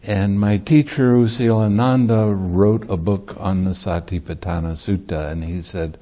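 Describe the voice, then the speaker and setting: A man's voice: fairly low pitch, steady tone, unhurried, dark tone. A man, a Buddhist monk and meditation teacher, giving a light-hearted dharma talk and laughing easily as he teaches.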